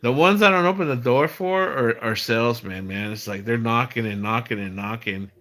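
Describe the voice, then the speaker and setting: A middle-aged man hosts his own livestream, telling stories in a loose, rambling way with many restarts during casual chat. His mid-range voice is fairly bright and moves at a moderate pace.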